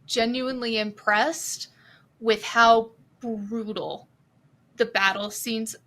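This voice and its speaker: A woman on a podcast with a fairly high, sharp and bright voice. She talks in an expressive, emotional way and gushes openly about what moved her. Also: slow. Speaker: podcast co-host. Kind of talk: casual podcast chat.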